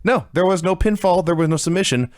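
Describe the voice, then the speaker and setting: A man co-hosting a casual podcast, recapping wrestling with sarcastic, animated commentary. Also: high voice, quick pace, dry recording. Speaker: podcast co-host reviewing wrestling.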